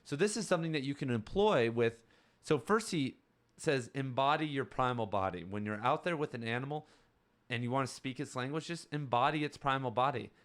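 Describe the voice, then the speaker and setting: A man's voice: medium pitch, fairly quick. Man rambling casually about a book. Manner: rambling, relaxed, with fillers. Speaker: podcast host.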